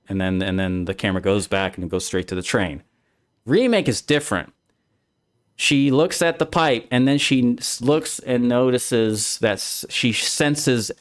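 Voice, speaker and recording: A man's voice: mid-range voice, smooth. A man streaming a casual discussion, rambling through his explanation with many restarts. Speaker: streamer, host.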